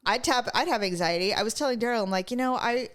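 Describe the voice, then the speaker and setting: A woman's voice: on the high side, quick pace. A woman co-hosting a podcast in casual chat, telling stories animatedly and acting out voices. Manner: animated storytelling, acts out voices. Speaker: podcast co-host.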